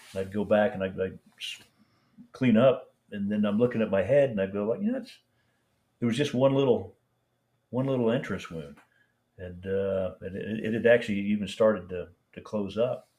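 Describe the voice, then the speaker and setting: Older man, low voice, rambling halting storyteller, interview guest. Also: steady tone, warm tone. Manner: rambling, halting, many restarts and fillers. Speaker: veteran guest.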